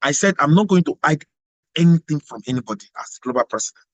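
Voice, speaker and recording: A man's voice: on the high side, expressive, quick pace, no room sound, highs cut off. Male leader, preachy and repetitive, dry close recording. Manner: emphatic, repetitive, rhetorical questions. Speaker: global president of organization. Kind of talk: motivational address.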